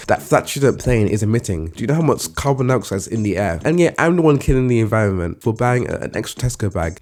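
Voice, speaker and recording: A young man, talking to camera in a sarcastic, animated vlog rant, jumping between loud outbursts and mutters. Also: mid-range voice, a little hiss or hum. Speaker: vlogger. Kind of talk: casual opinion monologue.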